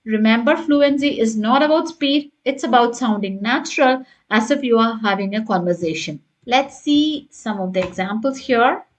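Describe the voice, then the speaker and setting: Slightly high-voiced woman tutor. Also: moderate pace, hardly any pauses. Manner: instructive, checks in with "right?" and "got it?". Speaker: English test tutor. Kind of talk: online lesson.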